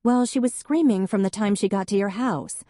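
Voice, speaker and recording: A woman's voice: mid-range voice, moderate pace, warm tone, no echo, clean studio sound, pitched above the performer's own voice, natural voice. A woman playing a flustered stuttering policewoman. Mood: defensive. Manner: stutters when upset.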